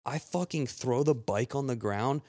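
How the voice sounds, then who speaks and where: A man in his thirties, a podcast co-host, telling rambling stories in casual chat, swearing often and jumping up in pitch when he quotes someone. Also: normal speed, a little mellow, dry recording, studio quality.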